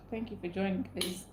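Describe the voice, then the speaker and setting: A woman's voice: medium pitch, roomy sound, heavy background noise. A young woman, venting angrily and repeating herself as she talks to her livestream viewers. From Nigeria. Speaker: livestream host. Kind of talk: casual live stream rant.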